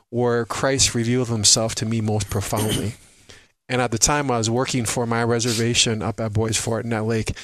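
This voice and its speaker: A man's voice: mid-range voice, dry recording. A man giving a personal faith testimony as a radio guest, earnest and reflective. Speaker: radio show guest, minister.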